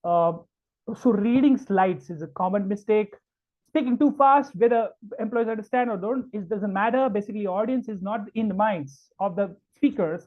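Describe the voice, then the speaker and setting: Emphatic man lecturing over tinny call audio. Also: high-pitched. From India. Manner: emphatic, stretches key words, many fillers. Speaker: public speaking trainer. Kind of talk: online workshop lecture. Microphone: video call.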